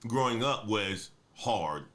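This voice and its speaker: Bright, enthusiastic male host. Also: on the low side, lively intonation, slow. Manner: enthusiastic, repeats words as he builds up. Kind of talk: casual conversation.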